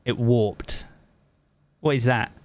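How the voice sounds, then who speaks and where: A man's voice: medium pitch, steady tone, takes it slowly, a little mellow. A man from England with a Southern English accent, a game streamer chatting casually with his live chat and swearing freely.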